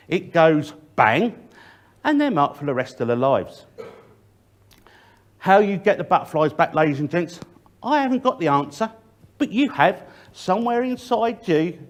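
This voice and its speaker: A middle-aged man gives a public workplace safety talk, speaking directly to the audience and shifting his emphasis often. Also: on the high side.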